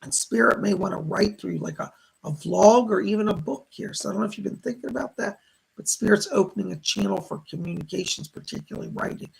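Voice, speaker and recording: A hoarse man doing live psychic readings, passing on spirit messages as quoted speech. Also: high voice, fast talker, rough recording. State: hoarse, losing his voice. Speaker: psychic medium.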